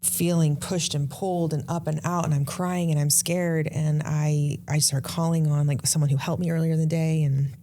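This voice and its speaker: A woman in her thirties hosting a podcast, telling an emotional personal story with rushes and halting restarts. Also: low-pitched, flat delivery, mellow. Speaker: podcast host. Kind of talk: casual conversation.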